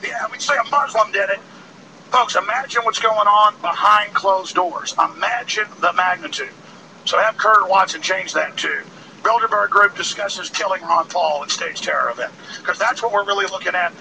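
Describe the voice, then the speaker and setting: Gravelly ranting man outdoors. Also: high-pitched, moderate pace. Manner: impassioned, ranting, emphatic. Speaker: host. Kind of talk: fiery outdoor protest broadcast. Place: outdoors by a road. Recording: distant mic, loud street noise.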